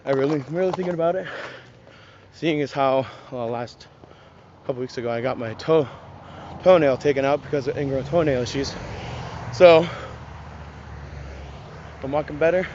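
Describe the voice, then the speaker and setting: A man's voice: medium pitch, moderate pace, pauses often, a little mellow. A young man from Alaska chatting casually and exclaiming in awe as he walks and films a travel vlog outdoors. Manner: chatty, awed exclamations while walking. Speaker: vlogger. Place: outdoors at a roadside scenic lookout near traffic. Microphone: phone held by the vlogger. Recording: muffled phone audio with passing traffic.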